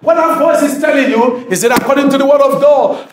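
A male pastor preaching a sermon in church, emphatic, often asking the congregation if they are listening and rising to shouts. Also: very high-pitched, brisk, hardly any pauses, reverberant, noisy background.

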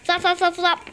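A woman reading a picture book aloud slowly and haltingly, stumbling and restarting on words. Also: extremely high pitch, sharp tone, a little hiss or hum. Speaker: reader.

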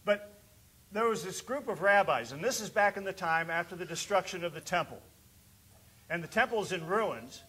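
Male pastor preaching in a church, higher, bright voice, loud calls traded with hushed telling. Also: expressive, moderate pace, husky. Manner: preaches with rising bursts and quiet storytelling dips. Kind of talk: sermon. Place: church sanctuary.

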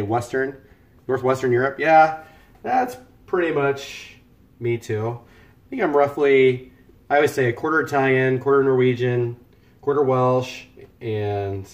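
Rambling man streaming from his kitchen. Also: mid-range voice. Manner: joking, rambling, talks to chat viewers. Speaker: live-streaming home cook. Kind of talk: casual live-stream chat. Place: home kitchen. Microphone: headset.

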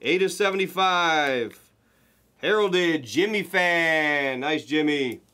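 A man hosting a live card break, calling out pulls to viewers with excited, hyped commentary and the odd swear. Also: a little high, slow, smooth.

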